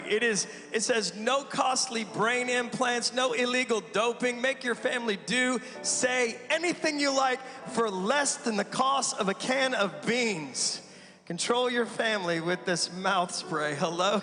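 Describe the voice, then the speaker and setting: A man gives a lively, joking sermon in a church sanctuary, teasing the congregation between points. His voice sits high and bright. A long hall reverb and faint music hang behind him. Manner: joking, animated preacher with laughs and audience asides. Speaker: pastor.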